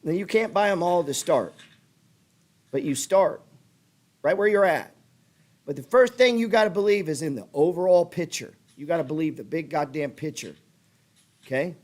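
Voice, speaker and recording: A middle-aged man with a fairly high voice rants about trading, swearing and pushing hard. He talks at a desk mic by his computer. His voice climbs and gets louder as he works himself up. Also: animated, moderate pace, pauses often. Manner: fired-up, swearing, pushy. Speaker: trading show host. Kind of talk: profane motivational rant.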